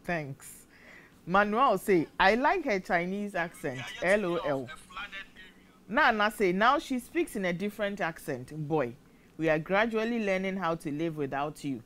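Animated, loud Ghanaian woman presenter. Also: medium pitch, measured pace, a little hiss or hum. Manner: animated, loud, laughing while reading. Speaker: presenter reading social media comments. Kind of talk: lively commentary mixing English and Twi.

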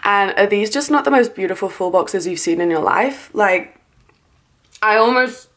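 Young woman, casual haul chat, gushing and enthusiastic, sleepy, lots of likes and ums, mid-pitched voice. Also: moderate pace, a bit bright. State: sleepy, yawning. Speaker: planner sticker haul vlogger.

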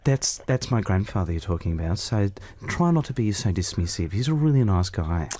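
A man with a Welsh accent co-hosting a comedy podcast. He tells stories animatedly, his pitch rising and falling widely, and laughs often. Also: very animated, a little fast, mellow. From Wales. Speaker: radio podcast co-host, comedian. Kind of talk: casual comedy chat.

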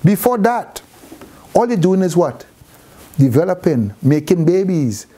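A man's voice: high-pitched, very animated, mellow. Man teaching Hebrew, quizzing his class. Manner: asks questions of the class, pauses and restarts. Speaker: Bible teacher.

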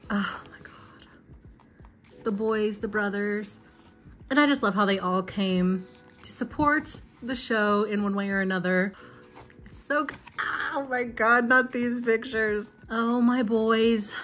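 A woman's voice: mid-range voice, slight background noise. A young woman chatting casually and gushing emotionally as she unboxes fan merchandise. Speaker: vlogger.

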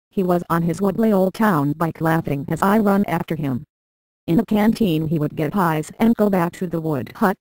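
A computer-generated woman's voice reading a memoir aloud in a flat, synthetic way with odd word stresses. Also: fairly low pitch, no room sound, low-quality recording. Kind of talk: text-to-speech narration of a memoir.

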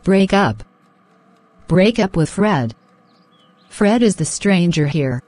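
Brief: woman doing a firm cartoon mom, low and dry, calm but scolding. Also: slow, no room sound. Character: stern caring middle-aged mother. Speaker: voice actor in animated drama.

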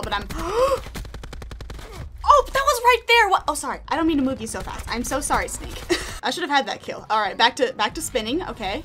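A woman's voice: fairly high pitch, fairly bright tone, slight background noise. A young woman chatting and giggling through a video game, talking sweetly to her pet snake. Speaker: gaming YouTuber. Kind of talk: casual gameplay commentary.

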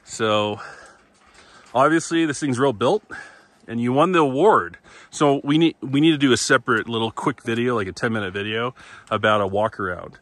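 A man's voice: mid-range voice, fairly bright tone, no echo. A young man touring an outdoor campsite, chatting easily with other overlanders and laughing often. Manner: easygoing, quick to laugh. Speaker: vlogger touring campsite rigs. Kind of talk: casual walkaround chat. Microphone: phone camera.

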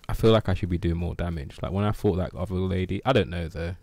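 A man's voice: low voice, fairly even intonation, fast talker, darkish tone, dry recording. A man streaming gameplay, muttering to himself and swearing in frustration. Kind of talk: casual live gameplay commentary.

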